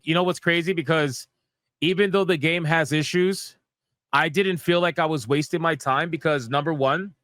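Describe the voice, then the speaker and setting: A man's voice: a little high, fairly bright tone, no room sound. A man giving casual, profane gaming commentary, ranting in exasperation and repeating himself.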